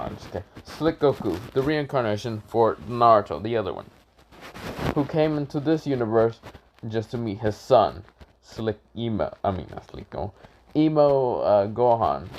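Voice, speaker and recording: Over some background noise, a man casually improvises a fan-fiction story, rambling and correcting himself. He swears and shouts the characters' lines in high voices.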